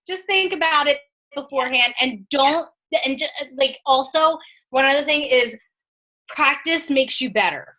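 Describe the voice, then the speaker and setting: Bright, high-ish woman giving casual advice. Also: rough recording. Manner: quick, chatty, lots of "like" and "you know". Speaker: guest coach on team call. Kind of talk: casual advice on a group video call. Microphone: video call.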